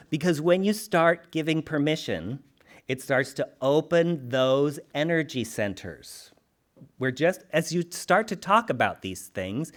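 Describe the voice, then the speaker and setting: A man giving an animated, humorous, conversational spiritual talk to a congregation. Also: fairly high pitch, moderate pace. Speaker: spiritual teacher.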